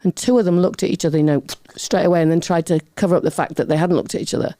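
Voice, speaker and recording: A middle-aged woman telling a personal story as a talk show guest, lively and chatty. She keeps slipping into other people's voices and drifting off on tangents. Her tone is warm and mellow, and the sound is dry and close. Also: fairly low pitch, racing, no room sound. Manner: lively, acts out quoted voices, goes off on tangents. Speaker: podcast guest.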